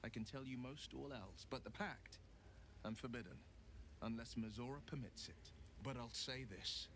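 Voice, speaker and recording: Brief: proud young warlock hero, voiced by an actor, formal and steady, game dialogue with hiss. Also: male voice, medium pitch, moderate pace, lightly acted. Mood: earnest.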